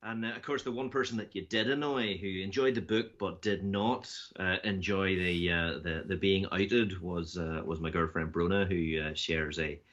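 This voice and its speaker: A man's voice: low voice, fairly even intonation, moderate pace, few pauses, fairly bright tone, highs cut off. A man co-hosting an interview, speaking hesitantly and teasing the guest. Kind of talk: casual interview chat.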